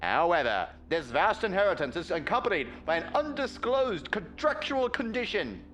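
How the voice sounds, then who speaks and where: A man's voice: high voice, big pitch swings, moderate pace, fairly bright tone, a little hiss or hum, pitched above the performer's own voice. A man doing an old-timey male newsreader voice, reading a newspaper article aloud in a grand, sing-song period manner. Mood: theatrical. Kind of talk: dramatic reading.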